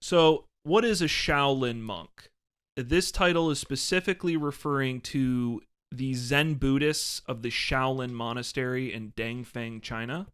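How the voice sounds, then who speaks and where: A young man talks through history in a relaxed, rambling podcast chat, laughing along with his friends. His voice is smooth and clear, sitting at an ordinary pitch for a man. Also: measured pace. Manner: relaxed, laughs often, explains at length. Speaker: podcast co-host.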